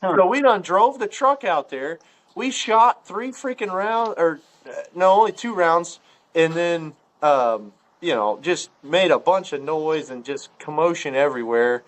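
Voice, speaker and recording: A man's voice: animated, unhurried, fairly bright tone. Rambling, profane male storyteller. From Ohio. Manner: rambling, profane storyteller full of filler words; acts out quoted dialogue with jumps in pitch. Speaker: podcast guest storyteller. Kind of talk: casual chat.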